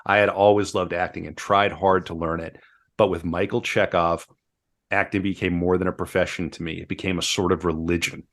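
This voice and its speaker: Low-voiced man reading aloud on a podcast. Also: level tone, fairly quick, a bit bright. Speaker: podcast co-host. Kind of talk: reading a memoir aloud, then casual chat.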